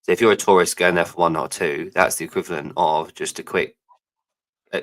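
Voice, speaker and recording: A man's voice: sits low, fairly even intonation, brisk, a bit bright. A man co-hosting a live podcast, rambling, jokey and swearing freely in casual chat. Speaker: podcast co-host.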